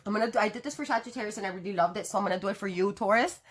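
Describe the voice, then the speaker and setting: A woman's voice: medium pitch, racing. A woman reading tarot cards to her viewers in a casual, chatty way, laughing often and cursing now and then. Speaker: tarot reader.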